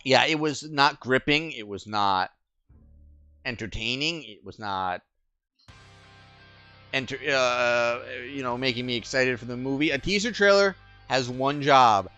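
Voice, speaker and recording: A man's voice: mid-range voice, measured pace, sharp tone, clean tone, soft background music. A man co-hosting a casual podcast, blunt and emphatic in his opinions. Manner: blunt, emphatic, ranting about a trailer. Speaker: podcast co-host. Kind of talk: casual chat.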